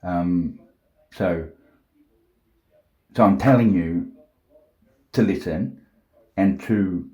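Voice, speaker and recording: A man talking slowly to camera at home, thinking aloud with many fillers and restarts, blunt and sometimes profane. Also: sits low, darkish tone, reverberant. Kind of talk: unscripted monologue to camera.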